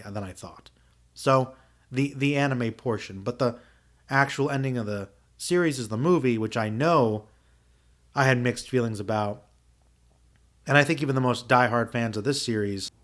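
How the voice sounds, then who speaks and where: A man in his thirties talks through his thoughts in a loose, rambling way. He restarts his sentences and fills the gaps with "uh" as he reflects, and his voice sits at an ordinary, middle pitch. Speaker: podcast host. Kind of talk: casual spoken review.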